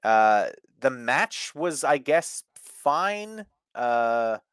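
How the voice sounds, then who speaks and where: Profane, animated wrestling podcast man. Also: medium pitch, drawn-out words, clear, resonant tone, no echo, studio quality. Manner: profane, animated, laughs often. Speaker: podcast host. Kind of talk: casual wrestling review chat.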